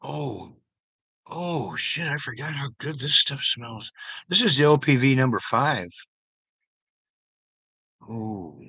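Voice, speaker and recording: A man's voice: medium pitch, animated, slow, creaky, pauses often, sharp tone, breathy edge, no echo. A man chatting casually with his viewers, telling loose, profane stories and chuckling along as he rambles.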